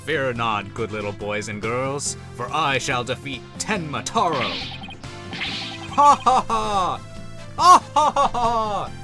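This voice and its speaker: A man voicing a booming, heroic male yokai lord while reading game lines aloud on stream. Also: expressive, slow, over music. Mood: boastful. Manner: bombastic, laughing theatrically.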